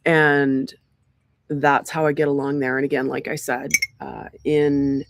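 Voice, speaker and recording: Speaking into her laptop mic on an outdoor porch among pines, a community group host chats at an unhurried pace in an extremely low, creaky, fairly flat voice. The background is noisy, and she rambles with plenty of ums and restarts.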